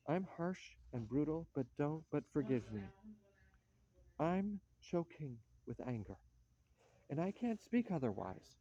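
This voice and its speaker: A man's voice: medium pitch, warm tone, slight background noise. A man reading a bitter, despairing nobleman. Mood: ranting. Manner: bitter, ranting, self-mocking. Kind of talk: play reading. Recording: dull lo-fi dry recording.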